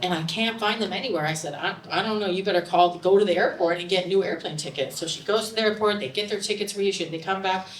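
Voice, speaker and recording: A middle-aged woman telling a story on a bar stage, animated and growing loud and excited. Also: medium pitch, fast talker, few pauses. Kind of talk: live storytelling to an audience. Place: stage in a bar, audience present. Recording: roomy live recording from a distance, faint room noise.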